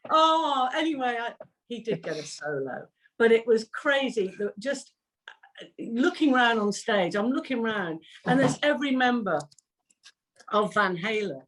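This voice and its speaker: Excitable woman recounting a memory. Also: on the high side, measured pace, poor audio. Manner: laughing, excitable, breathless recounting. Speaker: singer guest. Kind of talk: casual storytelling.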